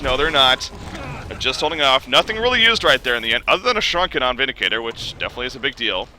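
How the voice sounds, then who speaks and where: A young man casting an esports match, his voice worn hoarse from being under the weather, climbing into shouts when fights break out. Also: mid-range voice, big pitch swings, fast, slight background noise. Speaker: esports caster. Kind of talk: play-by-play esports commentary.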